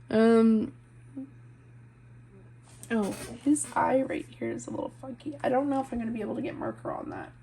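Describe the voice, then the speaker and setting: A young woman in her twenties talks to her viewers in a loose, confessional way while she colors. Her voice sits a little high and is full of vocal fry. She rambles and keeps cutting herself off with "like" and "um.". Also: moderate pace, pauses often, dark tone, slight background noise. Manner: rambling, heavy use of "like" and "um", self-interrupting. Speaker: coloring channel host, stay-at-home mom.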